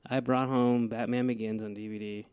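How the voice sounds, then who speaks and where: A man's voice: medium pitch, level tone, a little fast, clear, resonant tone, no room sound, narrow, tinny audio. A middle-aged man co-hosting a podcast, teasing his son in blunt, profane casual banter. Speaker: podcast co-host.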